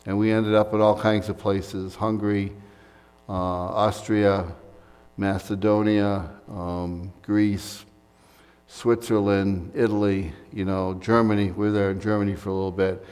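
A man from the United States delivers a Sunday sermon in a fairly low voice. He talks in an easy, conversational way, with fillers and asides between points. His voice rings out with the long reverb of a large church hall. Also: flat delivery, a little slow, darkish tone, clear, resonant tone. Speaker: pastor.

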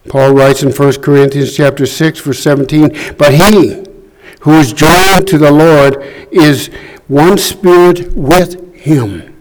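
Male preacher, fairly high voice, unhurried delivery, scripture reading in a church room. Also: low-quality recording. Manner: slow, deliberate, reading scripture aloud. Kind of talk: sermon.

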